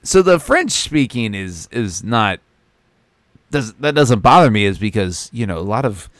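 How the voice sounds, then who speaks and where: A man's voice: fairly low pitch, very animated, unhurried, a bit bright, no room sound, clean studio sound. A man co-hosting a movie podcast, rambling in casual review chat with frequent restarts and swearing. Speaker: podcast co-host.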